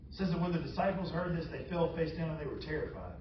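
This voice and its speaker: A man preaching a sermon as pastor, animated and humorous as he retells a story. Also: fairly high pitch, quick pace, hardly any pauses, slight background noise. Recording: roomy, distant, dull sound.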